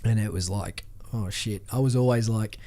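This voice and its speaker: A man's voice: on the low side, brisk, warm tone. An Australian man, a former fighter, telling stories on a podcast in a rambling, heavily swearing, restart-filled way. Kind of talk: casual podcast chat.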